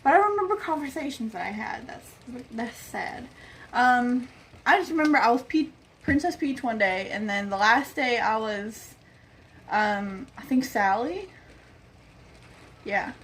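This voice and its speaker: A woman's voice: a little high, a little slow, long pauses, a bit bright, slight background noise. A young woman telling a rambling personal story on her vlog, acting out what other people said. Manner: rambling, acts out quoted people. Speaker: vlogger. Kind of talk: casual storytelling.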